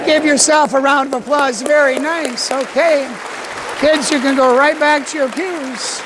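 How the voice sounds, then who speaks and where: Priest, male, high voice, unhurried, jokey crowd-leader, big church reverb with congregation behind. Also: fairly even intonation, background noise. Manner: playful, joking, leads the congregation in chants. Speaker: parish priest. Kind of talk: sermon with a call-and-response cheer.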